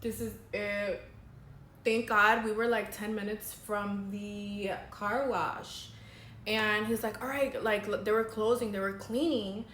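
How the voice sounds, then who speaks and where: A woman's voice: medium pitch, flat delivery, unhurried, a bit bright, roomy sound, slight background noise. A young woman, a makeup artist, telling a dramatic story in casual, chatty vlog style. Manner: chatty, dramatic, says girl a lot.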